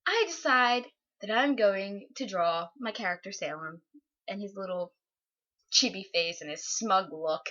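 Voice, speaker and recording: A young woman telling a story from her morning in a casual, animated way, often breaking into laughter. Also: medium pitch, dull audio. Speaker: vlogger.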